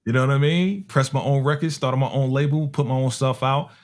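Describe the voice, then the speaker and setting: A man from Harlem, a music producer telling a story in a casual, animated way and acting out the people in it. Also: mid-range voice, fairly quick. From Harlem, New York. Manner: animated, acts out other people's voices with slang.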